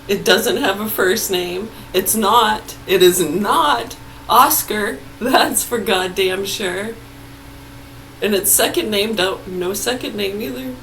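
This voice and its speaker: A woman's voice: on the high side, slow pace, a bit bright, slight background noise. A woman on a swearing, angry rant, laughing between outbursts.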